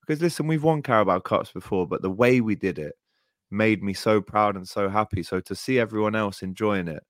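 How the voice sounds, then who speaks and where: A man's voice: fairly low pitch, a little fast, dry recording, clean studio sound. A man co-hosting a podcast in casual chat, enthusiastic and heartfelt, often calling his co-host "mate" and "bro". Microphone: podcast microphone.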